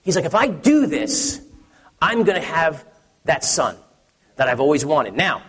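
A man in his thirties gives a sermon in a relaxed storytelling manner, often restarting his sentences. His voice is a bit higher than most men's and husky. The sound carries a long reverb from a large hall. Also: unhurried. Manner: conversational storytelling with many restarts, acts out his son's excited voice. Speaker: pastor.

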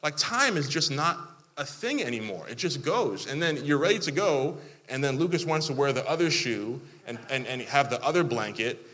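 A man in his thirties preaching a sermon, animated, with mock-complaining asides. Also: mid-range voice, normal speed. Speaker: pastor. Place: church hall. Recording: long hall reverb.

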